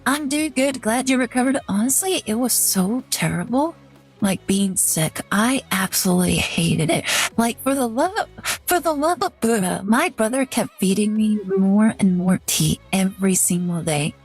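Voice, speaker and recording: A woman's voice: mid-range voice, lively intonation, moderate pace, breathy edge, faint music behind. A young woman streaming live, chatting casually and rambling, with lots of "like" in her talk. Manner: rambling, chatty, heavy use of "like". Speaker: VTuber streamer.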